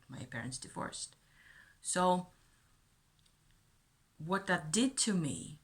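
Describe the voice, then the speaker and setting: A middle-aged woman thinking aloud about her childhood in a reflective personal monologue, with many pauses and restarts. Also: deep voice, a bit bright. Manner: thoughtful, musing, with many fillers and restarts.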